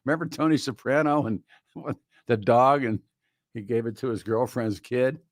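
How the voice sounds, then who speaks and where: A man's voice: medium pitch, normal speed, no room sound. A man hosting a talk radio show in a studio, delivering a rambling, wry monologue full of restarts. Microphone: studio microphone.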